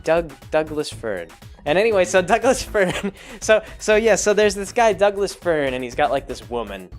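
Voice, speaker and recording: A man's voice: high voice, animated, moderate pace, soft background music. Rambling, jokey man recapping a movie. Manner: rambling, jokey, full of fillers and self-corrections. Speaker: vlogger.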